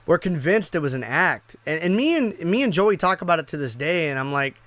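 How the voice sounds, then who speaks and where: A man's voice: a little high, big pitch swings, a little fast, a bit bright, no room sound. A man casually telling a personal story, rambling and profane, with lots of restarts. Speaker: YouTube streamer.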